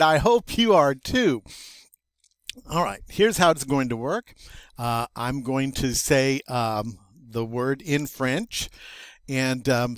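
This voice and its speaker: A man's voice: medium pitch, no echo. A man teaching a recorded vocabulary lesson in a chatty, self-amused way, spelling out pronunciation for students. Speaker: French teacher.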